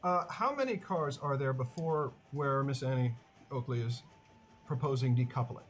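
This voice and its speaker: A man's voice: medium pitch, moderate pace, a little hiss or hum. A man playing a tabletop game, talking in a theatrical, pompous way. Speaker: player. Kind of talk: tabletop role-play.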